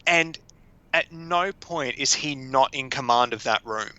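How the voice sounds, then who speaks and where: Bright, animated man. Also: mid-range voice, measured pace, smooth, highs cut off. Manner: animated, laughs often, acts out quotes. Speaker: podcast co-host. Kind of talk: casual chat.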